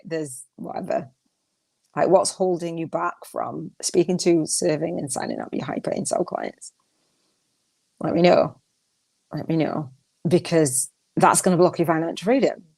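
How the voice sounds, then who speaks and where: A woman's voice: on the low side, gravelly, a little mellow. An older woman hosting a solo coaching podcast, chatty and emphatic, often repeating her phrases and laughing as she talks. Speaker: podcast host.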